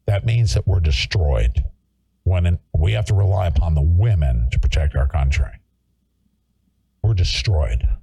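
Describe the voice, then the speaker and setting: A man's voice: low-pitched, lively intonation, a little slow, vocal fry, dark tone, slightly rough, no room sound. A male talk show host ranting in an angry, confrontational way and hectoring his listeners. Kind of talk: political talk show rant.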